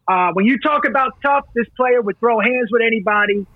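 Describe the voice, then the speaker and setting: A man's voice: extremely high pitch, fairly quick, no echo. A man co-hosting a casual podcast, speaking in laid-back, joking banter with hesitations. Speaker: podcast co-host. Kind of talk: casual chat. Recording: dull, muffled sound.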